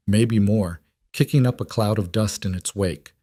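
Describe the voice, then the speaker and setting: A man's voice: on the low side, normal speed, mellow, no echo, clean studio sound. A man reading a dramatic story in a scripted narration style.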